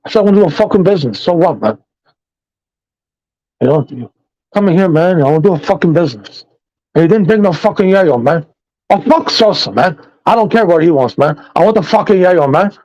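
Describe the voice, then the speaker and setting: A man's voice: fairly high pitch, animated, a little mellow, highs cut off. A man voicing a brash, hot-tempered immigrant drug dealer, swearing aggressively. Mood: angry, demanding. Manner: aggressive, swearing, rapid-fire.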